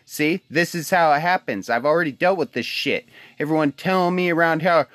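A man's voice: fairly high pitch, a little fast, few pauses, fairly bright tone, dry recording. A man from Alaska venting to his wife in a phone video message, heated, swearing constantly and repeating himself. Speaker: husband sending a video message. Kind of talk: profane venting rant.

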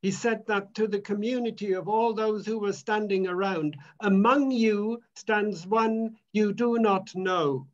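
A male minister delivers a sermon at a very unhurried pace, leaning on repeated phrases with emphatic weight. The recording is dull and lo-fi, with a muffled top end. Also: high voice, steady tone.

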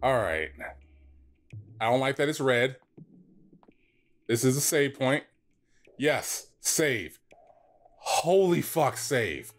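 A man's voice: mid-range voice, big pitch swings, takes it slowly, long pauses. A man playing a horror game and commenting, jumpy and nervous, swearing and reading the on-screen text aloud. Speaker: let's play host.

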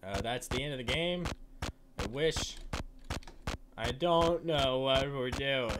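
A young man giving horror game commentary, jumpy and swearing a lot, shouting when startled. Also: medium pitch, slow pace, noisy background. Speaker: gaming channel host.

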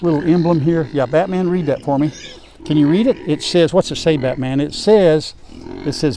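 An older man with a drawl talks in a folksy, rambling way as he walks around his farm. His voice sits a little high for a man. A lapel mic picks him up clearly, with faint farm sounds in the background. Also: moderate pace, dark tone, slight background noise. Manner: folksy, chatty, talks to animals and viewers. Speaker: farm vlogger. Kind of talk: casual farm vlog chat. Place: outdoors on a farm.

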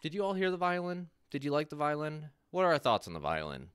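Animated male streamer greeting chat. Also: a little high, fast talker, smooth, no room sound, studio quality.

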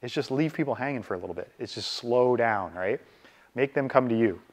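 Canadian man training agents, echoing room. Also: mid-range voice. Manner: conversational, keeps checking in with "right?"; slows down deliberately to model calm. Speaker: real estate trainer. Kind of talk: live training talk.

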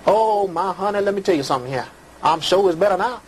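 A man's voice: high-pitched, animated, quick pace, low-quality recording. A man hosting a call-in show, ranting preachily at callers and crooning flirtatiously at others. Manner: preachy, rambling, hollering rants. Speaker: call-in show host giving readings.

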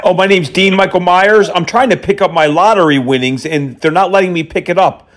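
A man's voice: high voice, a little fast, a bit bright. A man making prank phone calls, taunting and mocking, dropping Hindi phrases. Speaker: prank caller.

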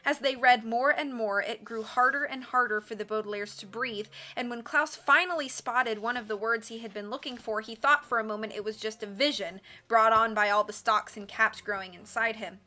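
A woman narrates an audiobook in a measured, expressive way, her voice bright and forward. She sits a little high for a woman, with soft music running faintly behind her. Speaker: audiobook reader on a stream.

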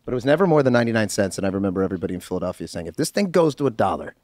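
A man's voice: lowish voice, sing-song, very fast, a little mellow, no room sound. A man co-hosting a podcast, joking sarcastically in casual chat. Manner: dry, sarcastic jokes. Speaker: podcast co-host.

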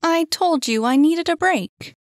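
A woman voicing an eager young woman who is dreamy and easily enchanted, speaking high and breathless. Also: lively intonation, unhurried, no room sound, studio quality. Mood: excited. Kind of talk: audiobook character reading.

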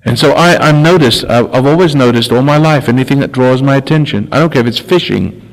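Speaking at a medium pitch and a fairly quick clip, an older spiritual teacher delivers a talk. He frequently breaks off, begins again and repeats himself, with long hall reverb around him.

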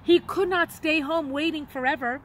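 A woman teacher reading a children's story aloud in an expressive, dramatic way. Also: high voice, moderate pace, a little hiss or hum, low-quality recording.

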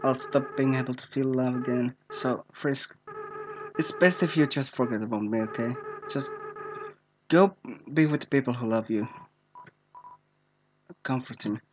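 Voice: medium pitch, measured pace, pauses often, background noise, pitched below the performer's own voice, lightly acted. A player voicing a sorrowful young monster boy. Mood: tender. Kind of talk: reading game dialogue aloud.

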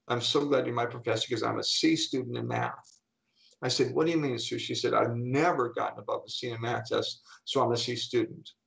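A middle-aged man with a gravelly, creaky edge to a mid-pitched voice tells stories as a guest. He talks in animated bursts, slipping into the voices of the people he quotes. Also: low-quality recording. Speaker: guest speaker and coach. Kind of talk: storytelling in an interview.

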